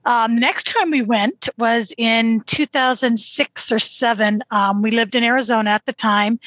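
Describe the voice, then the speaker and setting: A woman's voice: on the high side, fairly bright tone, no echo, dull audio. A woman in her sixties, a podcast guest, telling family stories in a chatty way, laughing often. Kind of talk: casual podcast chat.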